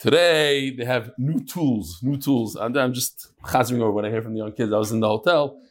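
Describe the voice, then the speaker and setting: A middle-aged man teaching a daily Talmud class with lively storytelling and quick asides. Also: medium pitch. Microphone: on Zoom.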